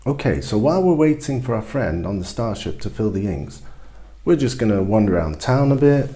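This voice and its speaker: A man's voice: fairly low pitch, sing-song, brisk, warm tone. A man hosting a casual how-to demonstration in a loose, joking, rambling way. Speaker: tutorial host.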